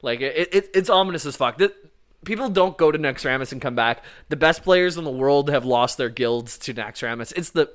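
A man talking loosely and at length, full of "like" and "um", tossing in a curse now and then. His voice is smooth and clean. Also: on the high side, animated, a little fast, a bit bright. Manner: rambling, casual, swears, frequent fillers. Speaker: podcast co-host explaining game lore. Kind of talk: casual chat.

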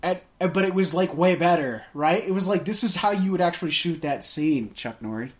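A man's voice: on the high side, fairly quick. A man co-hosting a casual movie podcast, rambling through a scene with many restarts and fillers. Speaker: podcast co-host.

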